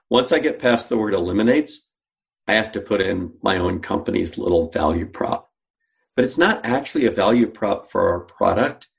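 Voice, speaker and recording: A man's voice: on the low side, creaky. A man, a guest on an interview, telling a story and acting out the dialogue he quotes. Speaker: guest, sales company founder.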